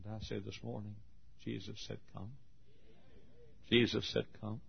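A male preacher delivering a revival sermon, dropping to a murmur and then shouting repeated calls in a rhythmic, pleading way. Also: fairly low pitch, completely flat delivery, a little fast, creaky, slightly rough. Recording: dull lo-fi recording.

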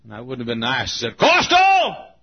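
A man preaching a folksy storytelling sermon, dropping to hushed tones and rising again, on a lo-fi recording. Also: medium pitch, little pitch movement, rapid-fire, creaky, breathy edge. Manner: folksy, swings from hushed to loud.

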